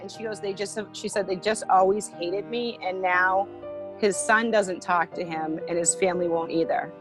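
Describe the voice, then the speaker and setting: A woman's voice: medium pitch, steady tone, normal speed, low-quality recording. A woman being interviewed, recounting a personal ordeal in an earnest way, with frequent fillers. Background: music.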